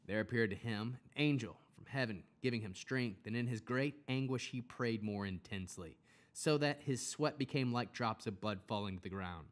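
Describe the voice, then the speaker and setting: A man reading scripture aloud, steady, with occasional self-corrections. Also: mid-range voice, brisk. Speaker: Bible reader.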